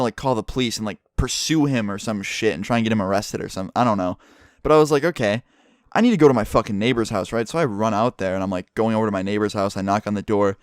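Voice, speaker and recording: A young man telling a story to his vlog audience in an excitable, profane way, from his room at home. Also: on the low side, no echo, clean studio sound. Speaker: vlogger.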